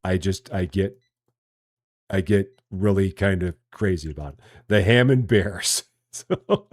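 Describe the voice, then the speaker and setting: A relaxed Midwestern man from Chicago talks through a game on a live stream, rambling and poking fun at himself. His voice sits low and comes through a dry, close microphone with no room sound. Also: a little slow, dry recording. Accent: general Midwestern American. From Chicago, USA. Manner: relaxed, chatty, self-mocking, rambling with restarts. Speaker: gaming streamer. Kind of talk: casual live-stream chat.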